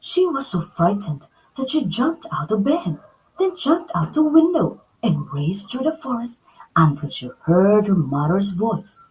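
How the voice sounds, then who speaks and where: A woman reading a children's story aloud as storyteller, slowly and expressively. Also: mid-range voice, low-quality recording. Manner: slow, expressive read-aloud.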